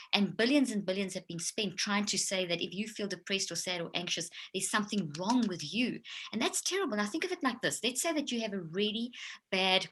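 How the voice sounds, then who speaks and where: A woman's voice: medium pitch, fairly bright tone. A woman speaking as a guest expert. She explains emphatically, like a lecture, and often restarts her sentences. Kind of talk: explanatory talk.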